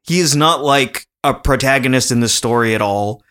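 A man in casual podcast chat, mid-pitched and easygoing. He rambles, restarts his sentences and breaks into laughter as he talks. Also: normal speed, fairly bright tone, clean tone. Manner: chatty, rambling, laughs often. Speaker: podcast co-host.

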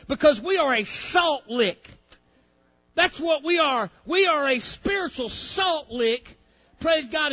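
High, bright-voiced preacher, lo-fi. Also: male voice. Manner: preaching with sudden drops to quiet storytelling. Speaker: pastor. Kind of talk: sermon. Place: church sanctuary. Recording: dull lo-fi recording with faint music.

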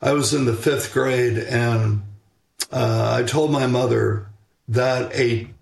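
An older man answering interview questions about raising children in a measured, reflective way, pausing on fillers and restarting sentences. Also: medium pitch, fairly even intonation, gravelly. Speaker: guest author on parenting.

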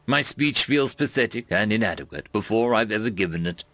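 Expressive male story narrator. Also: fairly low pitch, fairly quick, dry recording. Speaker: audiobook narrator. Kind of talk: first-person fiction narration.

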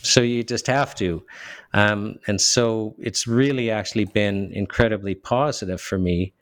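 A man, a lawyer, speaking earnestly as a guest in an interview, often pausing and restarting as he gets emotional. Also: lowish voice. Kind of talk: casual interview talk.

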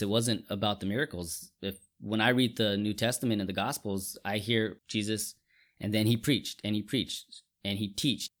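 A man's voice: on the low side, fairly bright tone. A man co-hosting a casual faith discussion, talking thoughtfully and often restarting his sentences. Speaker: co-host.

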